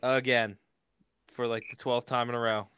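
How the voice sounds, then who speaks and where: A man's voice: mid-range voice, level tone, normal speed, a bit bright, clear, resonant tone, no echo, muffled recording. A young man playing a sports quiz on a podcast, anxious and poking fun at himself. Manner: anxious, self-mocking. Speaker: podcast co-host, quiz player. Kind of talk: casual podcast banter.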